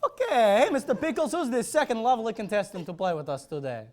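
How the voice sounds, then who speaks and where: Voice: mid-range voice, sing-song, quick pace, noisy background. A playful, goofy host running a live comedy game show on stage. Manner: goofy, playful, audience-rousing.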